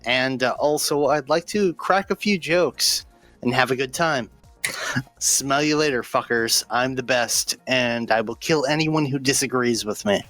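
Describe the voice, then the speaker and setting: A brash, profane man makes mock threats as a debate candidate. His voice is sharp and forceful, and it sounds close and dry. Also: medium pitch, measured pace, dry recording, soft background music. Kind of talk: mock political debate on voice chat.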